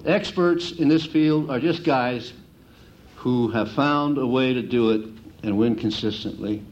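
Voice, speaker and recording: A middle-aged man giving a folksy lecture on handicapping to an audience, an animated storyteller who mimics the gamblers he talks about. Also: medium pitch, unhurried, highs cut off. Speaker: handicapping instructor.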